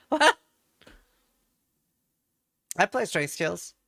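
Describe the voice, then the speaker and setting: A man's voice: high-pitched, big pitch swings, drawn-out words, gravelly, pushed and bright. A man from England chatting casually with viewers on a live stream, joking around.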